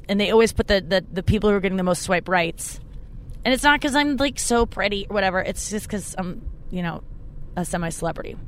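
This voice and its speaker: A woman's voice: fairly low pitch, slight background noise. Rambling, chatty woman podcast host. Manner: rambling, chatty, frequent swearing. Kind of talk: casual monologue.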